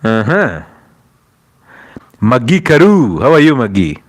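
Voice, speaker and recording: Lively, laughing Kenyan man hosting. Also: mid-range voice, slow. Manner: laughs often, exclaims and switches into Swahili. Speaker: livestream host. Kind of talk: casual livestream chat reading out viewers.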